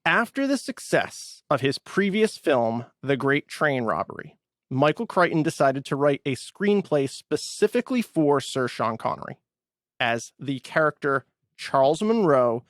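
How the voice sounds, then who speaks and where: Excitable man co-hosting a film podcast. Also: a little high, measured pace, dry recording, clean studio sound. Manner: excitable, swears freely. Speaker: podcast co-host. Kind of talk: casual movie review chat.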